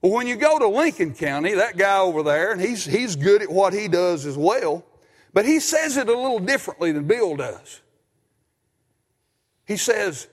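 A man preaching a sermon as pastor in a church, folksy and animated, stumbling over restarts and putting on quoted voices. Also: high voice, moderate pace, long reverb tail. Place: church sanctuary.

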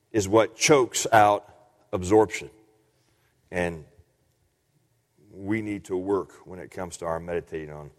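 A man preaching a sermon in an earnest teaching manner, often restarting and repeating words. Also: on the low side. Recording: long hall reverb.

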